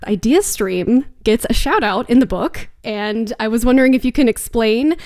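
A woman hosting a public radio interview, asking friendly, measured questions. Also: on the high side, animated, a little mellow, dry recording, studio quality.

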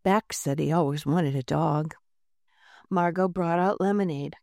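Woman reading a kids' storybook, really slow, gentle, dry close sound. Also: deep voice, dry recording. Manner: gentle, unhurried reading with lightly voiced characters. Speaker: audiobook narrator. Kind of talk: scripted storybook narration.

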